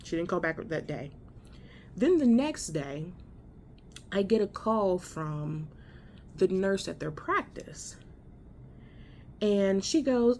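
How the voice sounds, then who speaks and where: Lowish-voiced woman ranting casually from a hospital bed, blunt and sweary, faint hum behind. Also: unhurried, long pauses, a little mellow. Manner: blunt, profane, exasperated retelling. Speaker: vlogger. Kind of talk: casual storytelling vlog. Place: hospital room.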